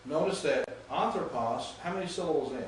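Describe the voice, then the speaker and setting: A man's voice: a little high, animated, a little fast, distant mic, a little hiss or hum. A man teaching a classroom lecture, patient and often checking that students understand. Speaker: Greek teacher. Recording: echoey room recorded from afar.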